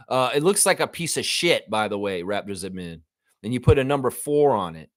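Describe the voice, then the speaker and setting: A man of middle pitch rants on his live fan show, profane and exasperated, firing off one outburst after another. He sits close to the mic in a dry, unechoing room. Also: lively intonation, a little fast, no echo. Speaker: sports show host.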